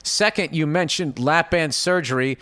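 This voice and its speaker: A man in his fifties with a Boston accent, hosting a comedy podcast and giving profane, self-mocking advice, now and then bursting into frustrated yelling. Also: on the high side, moderate pace. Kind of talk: casual comedic advice rant.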